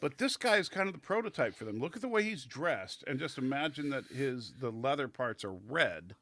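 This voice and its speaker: Chatty male panelist, bright sound, playful. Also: medium pitch, big pitch swings, a little fast, no room sound. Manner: chatty, enthusiastic, joking. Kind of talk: casual panel chat.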